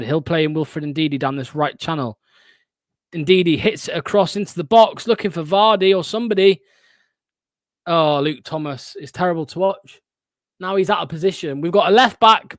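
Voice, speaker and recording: Fan host, young man, higher voice, dry close sound, sarcastic running match commentary. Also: no echo. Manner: sarcastic, blunt and swearing, bursts of frustration. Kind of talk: live play-by-play fan commentary.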